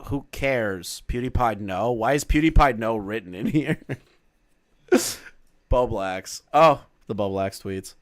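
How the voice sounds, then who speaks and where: A man commenting casually on a live stream, swearing often, reading documents aloud and breaking into loud exclamations. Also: fairly low pitch, lively intonation, slow, no room sound, clean studio sound.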